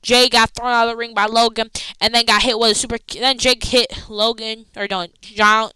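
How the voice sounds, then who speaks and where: A woman with a fairly high voice recaps a wrestling show in a loose, excitable ramble full of slangy asides. Her tone is bright and very crisp, and the sound is dry and close. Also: normal speed, no room sound, low-quality recording.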